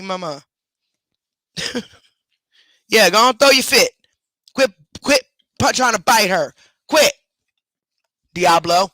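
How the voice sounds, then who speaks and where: A woman's voice: medium pitch, sharp tone, no room sound, studio quality. A woman hosting a casual livestream, scolding her dogs and chatting to her viewers. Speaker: livestream host.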